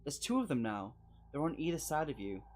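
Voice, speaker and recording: A man's voice: on the high side, sing-song, a little fast, a little mellow, soft background music. A man streaming a live playthrough, reading a horror gamebook aloud and chatting jokily with his viewers between passages. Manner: chatty, jokey, talks to chat between passages. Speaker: streamer host.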